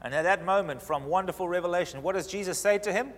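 A man preaching in a large hall, and his voice trails off into a long reverb. His voice sits fairly high for a man. He gets animated, with sudden swings in pitch and loudness as he makes his points. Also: quick pace. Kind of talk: sermon.

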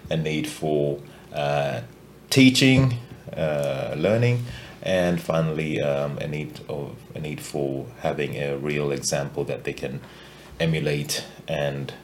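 A man hosting a casual podcast chat, halting often with fillers and restarts as he gathers his thoughts. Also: very deep voice, slight background noise. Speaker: podcast host.

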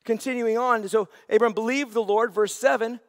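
A man's voice: very high voice, steady tone, moderate pace, no room sound, clean studio sound, long reverb tail. A man preaching a sermon as senior pastor, earnest and repeating phrases for emphasis.

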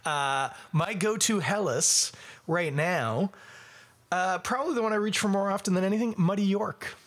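A Canadian man hosting a relaxed podcast chat. His voice sits a little higher than most men's, and he keeps it lively, often breaking into laughter and leaping upward when something surprises him. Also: moderate pace. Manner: animated, jumps to high exclamations, laughs often. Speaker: podcast host. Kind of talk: casual chat.

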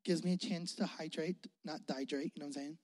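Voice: mid-range voice, fairly even intonation, fast talker, a little mellow. A youth pastor preaching with a casual, joking manner, calling for responses from the crowd and laughing often. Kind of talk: energetic sermon. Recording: long hall reverb.

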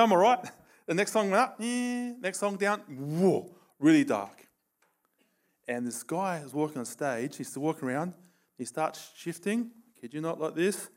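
A man delivering a sermon in a voice a little higher than most men's. He tells stories and drives his points home with sudden bursts of emphasis. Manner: storytelling, animated, with bursts of emphasis. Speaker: preacher.

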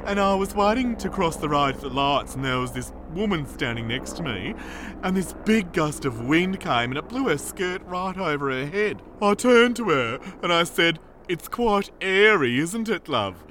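A man's voice: high voice, very animated, normal speed, background noise. A man with an Australian accent playing a camp, gossipy weather presenter in a comedy sketch. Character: camp chatty older male weather presenter.

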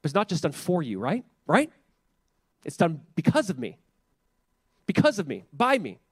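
Conversational male pastor preaching, slightly high voice. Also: huge pitch swings, normal speed, husky, no room sound, studio quality. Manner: conversational, repeats words, many filler 'like's. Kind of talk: sermon.

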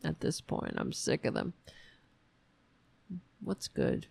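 A woman's voice: takes it slowly, darkish tone. A woman hosting her livestream from home, frustrated and rambling, with sighs and swearing. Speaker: show host. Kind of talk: casual livestream chat. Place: home room.

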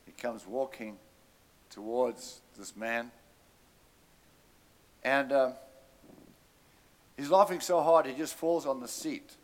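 A man's voice: medium pitch, slow, long pauses. Storytelling male preacher. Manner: animated storyteller, calls out to congregation. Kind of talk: sermon storytelling.

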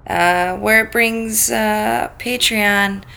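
A woman's voice: medium pitch, fairly even intonation, very slow, vocal fry, pushed and bright, smooth. A woman co-hosting a podcast in a casual chat, giggly and self-deprecating as she reads out thanks. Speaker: podcast co-host.

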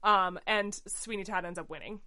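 A woman co-hosting a casual podcast chat, breezily retelling a plot with mock quotes and quick asides. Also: mid-range voice, pushed and bright. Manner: chatty, quick paraphrasing with mock quotes and laughs. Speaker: podcast co-host. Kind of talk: casual chat recapping a musical.

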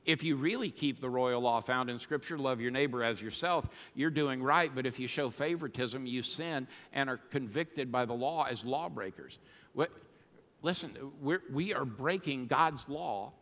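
A man preaching a sermon as pastor, fired up and swinging between quiet asides and shouting. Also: mid-range voice, moderate pace. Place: church sanctuary. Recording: long hall reverb.

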